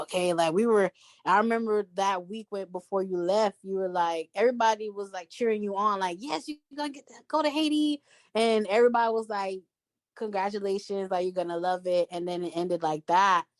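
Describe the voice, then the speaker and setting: Female podcast guest: lower pitch, dry and close, emphatic storyteller. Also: no room sound. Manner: animated, emphatic storyteller acting out quotes. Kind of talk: casual storytelling chat.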